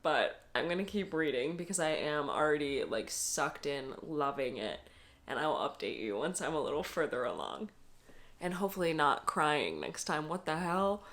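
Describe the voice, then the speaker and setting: A woman's voice: low-pitched, big pitch swings, moderate pace, fairly bright tone. A young woman chatting casually in a book vlog, emotional and teary, with frequent laughs and swearing. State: teary, close to crying. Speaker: book vlogger.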